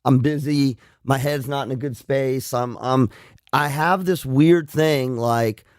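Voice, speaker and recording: A man's voice: medium pitch, takes it slowly, smooth, no echo, studio quality. A man, a psychologist co-hosting a radio show, speaking candidly and self-deprecatingly with frequent restarts. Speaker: psychologist co-host. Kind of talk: casual radio chat.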